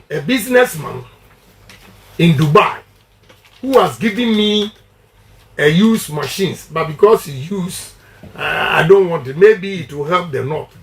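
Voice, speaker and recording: A middle-aged man with a Ghanaian English accent, giving a campaign interview in an emphatic, preacher-like cadence with repeated slogans. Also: high-pitched. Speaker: politician giving a radio interview.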